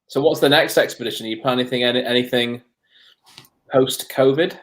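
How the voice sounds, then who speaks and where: A man's voice: mid-range voice, fast. Male podcast host, casual joking asides. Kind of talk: casual interview chat.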